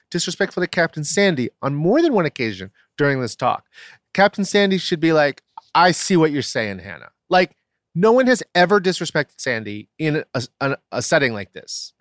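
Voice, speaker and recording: A man with a fairly high, very lively voice, talking fast and loose on a casual recap show. He swears freely and swings from dry jokes into loud rants. The sound is close and dry. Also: dry recording. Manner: animated, profane, jokey rants. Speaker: podcast co-host. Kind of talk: casual chat.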